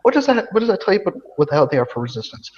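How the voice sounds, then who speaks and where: A man co-hosts a casual podcast and talks in quick, emphatic bursts. He restarts and repeats words as he drives his point home. The audio is dull and lo-fi. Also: high-pitched, very animated, darkish tone. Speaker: podcast co-host.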